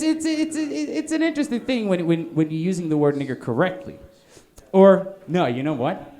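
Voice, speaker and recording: A man's voice: a little high, darkish tone. A man from Norway doing a live stand-up set in a comedy bar, rambling with stammered restarts and punchy asides.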